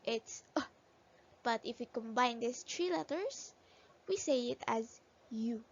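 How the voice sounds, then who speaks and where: Woman teacher, phonics lesson, slow and patient, fairly high voice, dull lo-fi sound. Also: expressive. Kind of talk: phonics lesson for young children. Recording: dull lo-fi recording.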